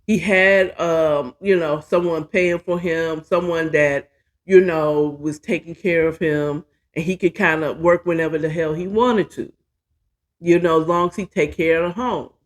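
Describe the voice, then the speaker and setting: A woman's voice: low voice, steady tone, a little slow. Chatty, candid woman telling her story. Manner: candid, profane, chatty and self-mocking. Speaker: podcast host. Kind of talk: casual personal storytelling monologue.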